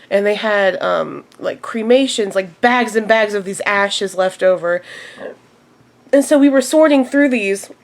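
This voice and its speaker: A young woman in her twenties telling a story straight to camera in a casual vlog. She is animated and laughs a lot, and her voice jumps up whenever she quotes herself or others. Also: medium pitch. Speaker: vlogger.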